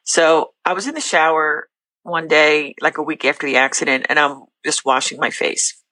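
A middle-aged woman, a podcast guest, telling her personal faith story in an earnest, candid way with quick bursts and restarts. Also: low voice, sharp tone, no room sound, low-quality recording.

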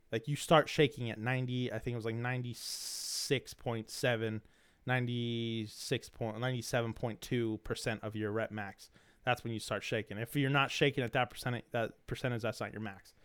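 A young podcast host rambles through a story in slangy casual talk, swearing freely and restarting often, his throat dry and coughing. His mid-range voice is steady, smooth, and fairly bright at a moderate pace.

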